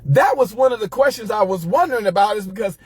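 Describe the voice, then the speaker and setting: A middle-aged man with a high voice tells a church story in a lively, chatty way, often laughing and talking straight to his audience. His voice is close and dry, with no room sound. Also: fast, breathy edge, dry recording. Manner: animated, laughing, addresses listeners as y'all. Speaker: host. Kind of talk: casual storytelling monologue.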